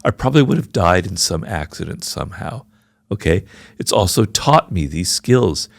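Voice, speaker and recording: Man in his sixties, interview guest: low pitch, gravelly tone, frank and reflective. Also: animated, moderate pace, no echo, studio quality. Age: 60s. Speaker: podcast guest, author. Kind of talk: candid conversational interview.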